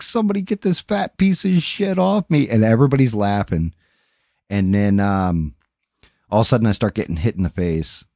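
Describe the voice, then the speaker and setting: A man's voice: deep voice, no room sound, clean studio sound. A man hosting a livestream chat and telling a story casually, swearing freely and adding sound effects as he talks. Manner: profane, animated, with sound effects. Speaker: livestream host.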